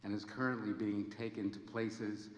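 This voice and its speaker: A man in his seventies gives an earnest, measured ceremony speech in a large hall. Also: lowish voice, fairly even intonation. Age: 70s. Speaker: honorary degree recipient giving a speech. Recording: echoey hall with long reverb.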